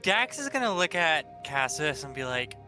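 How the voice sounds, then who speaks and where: A man's voice: fairly high pitch, big pitch swings, normal speed, over music. A man playing a tabletop game, casually describing what his character does. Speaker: player.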